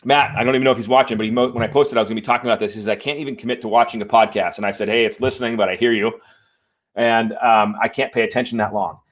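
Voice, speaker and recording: Live-streaming from a room at home, a man talks to his viewers in a fired-up, emphatic way and apologizes after swearing. His mid-range voice keeps a steady tone and comes out rapid-fire.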